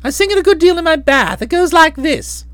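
Expressive woman narrating a comic audiobook. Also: very high voice, a little fast, dry recording.

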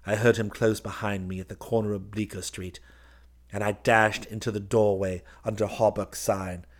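A man with a fairly low voice reads a first-person story aloud. His delivery is intense and theatrical, in the manner of a dramatic audiobook. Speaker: audiobook reader.

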